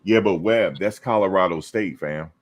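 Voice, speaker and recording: Hosting his casual talk show on a live stream, the man keeps up lively banter, teasing viewers and answering what comes through the chat. His low voice moves at a normal speed over a slight background noise.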